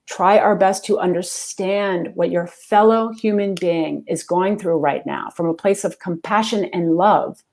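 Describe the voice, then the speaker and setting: Earnest woman coach talking fast. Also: fairly low pitch, vocal fry, darkish tone. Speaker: guest, executive coach. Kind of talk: interview answers.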